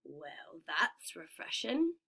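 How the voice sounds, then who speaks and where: A woman's voice: on the low side, sing-song, bright, forceful tone, voice pushed down, full character voice. Charon, silky cold ferryman, voiced by a woman. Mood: silkily greedy. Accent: vaguely British. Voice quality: smooth, sweetly menacing, drawn-out. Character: smooth, cold, greedy male ferryman of the dead.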